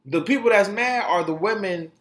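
A man's voice: high voice, moderate pace. A male podcast host giving casual, joking commentary on celebrity news, full of slang and frequent laughs. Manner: animated, joking, laughs often, slang-heavy. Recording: echoey room.

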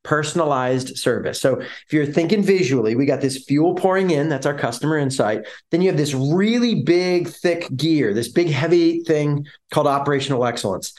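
A fairly high-pitched man co-hosting a business podcast. He talks in an energetic, conversational way, painting pictures and acting out what customers might say. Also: normal speed, hardly any pauses. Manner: energetic, explains with vivid images and acted-out quotes. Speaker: podcast co-host. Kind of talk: casual business podcast chat.

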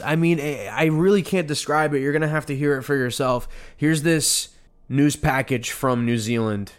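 A man with a fairly high voice hosts a podcast and delivers heated commentary. He slips into a mocking, sarcastic tone and repeats phrases over and over for effect. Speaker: podcast host. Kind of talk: opinionated commentary.

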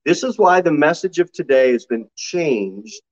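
Pastor preaching a sermon. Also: male voice, lively intonation, measured pace. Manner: preaches with sudden loud high-pitched mock quotes. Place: church sanctuary. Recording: slightly dull lo-fi sermon recording.

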